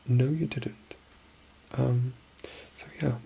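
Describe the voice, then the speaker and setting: Soft gravelly ASMR murmur. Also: medium pitch, little pitch movement, slight background noise. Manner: murmured, often dropping to a whisper; repeats practice words slowly to themselves. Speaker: ASMR creator. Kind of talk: soft-spoken ASMR rambling.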